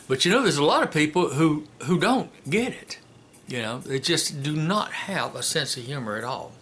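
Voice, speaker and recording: A man giving a casual spoken commentary and telling a joke in a folksy, unhurried way with many filler pauses. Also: a little high, animated, fairly bright tone, slight background noise. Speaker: commentator and storyteller.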